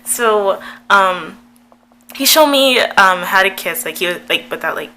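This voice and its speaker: A young woman chats through a personal story for her vlog, giggling often and padding her sentences with fillers. Her voice is bright, and a faint hum sits under the recording. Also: medium pitch, lively intonation, unhurried, low-quality recording. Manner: chatty, giggly, lots of fillers. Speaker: YouTuber.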